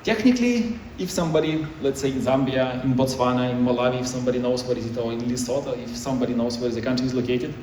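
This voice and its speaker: A man's voice: medium pitch, quick pace, hardly any pauses, a little mellow, slight background noise. A man giving a conference talk in choppy, non-native English, with many restarts. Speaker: conference speaker. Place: conference hall. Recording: echoey hall, mic far off.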